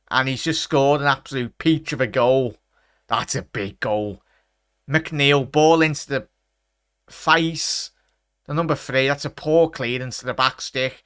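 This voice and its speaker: A man's voice: mid-range voice, unhurried, bright, forceful tone, dry recording. Young man, 20s, from England, football watchalong host, casual chat, keeps calling viewers mate, dry close sound. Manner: chatty, reads out viewer messages, calls everyone mate. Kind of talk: casual live-stream chat and match commentary.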